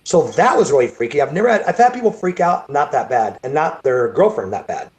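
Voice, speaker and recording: A man's voice: a little high, very animated, fairly quick. A man, a bodybuilding show promoter, telling a rambling story over a video call, repeating words and restarting sentences. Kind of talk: casual storytelling interview.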